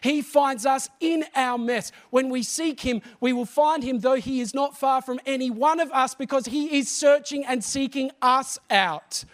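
A man preaching a sermon, animated and often asking the congregation questions. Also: very high-pitched, a little slow, few pauses.

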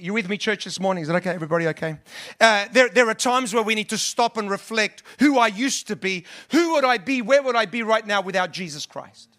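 A male pastor delivers a sermon to his congregation. His voice sits high and bright, and he speaks earnestly and conversationally, often stumbling and restarting his sentences as he goes. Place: church.

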